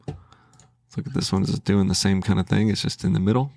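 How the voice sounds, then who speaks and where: A man with a low, gravelly voice talks himself through his trading as a channel host, casual and hesitant. He starts sentences over and thinks aloud. The sound is dry and close, with no room around it. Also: steady tone, fairly quick, a little mellow, dry recording. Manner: thinking aloud, hesitant, with restarts and self-talk.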